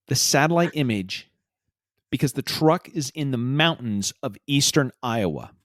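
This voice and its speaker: A man's voice: mid-range voice, no echo, clean studio sound. A man hosting a podcast, telling a story in a rambling, hesitant way with many filler sounds. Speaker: podcast host. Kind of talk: casual chat, storytelling.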